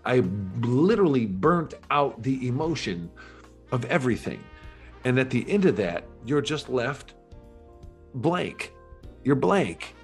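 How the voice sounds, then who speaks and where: A middle-aged man, a podcast guest, telling his life story in a candid, earnest and reflective way, with halting restarts. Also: medium pitch, very animated, soft background music.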